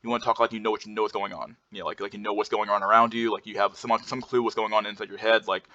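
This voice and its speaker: Fast-talking man rambling through a lecture. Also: on the low side, fairly even intonation, sharp tone. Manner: rambling, many fillers and restarts, blunt swearing. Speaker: presenter explaining slides. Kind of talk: casual lecture over slides. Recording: dull lo-fi recording.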